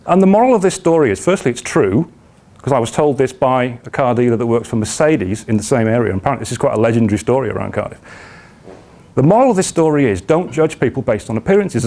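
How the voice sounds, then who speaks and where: A man's voice: mid-range voice, a little mellow. A man with a South Welsh accent giving a self-deprecating, storytelling talk at a business networking meeting. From South Wales. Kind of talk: anecdotal presentation.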